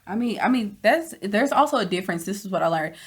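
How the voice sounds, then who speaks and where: A woman's voice: medium pitch, animated, quick pace, slightly rough. A woman co-hosting a podcast, chatting casually and reflectively about her week, laughing easily. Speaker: podcast co-host. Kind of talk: casual chat.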